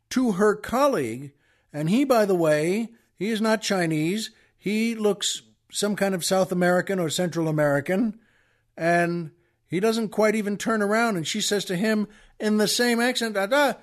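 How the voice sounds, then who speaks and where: A man hosting a show, telling a comic story in an animated way, stammering as he acts out the outbursts. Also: sits high. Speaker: podcast host.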